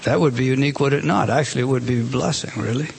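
A man's voice: mid-range voice, racing, creaky, slight background noise. A middle-aged man preaching a sermon as pastor, earnest and exhorting, with frequent restarts.

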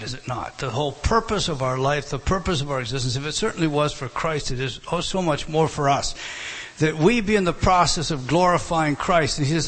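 A man's voice: on the high side, normal speed, a bit bright. Emphatic man preaching a verse-by-verse sermon. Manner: emphatic, repeats words and restarts often. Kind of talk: expository sermon.

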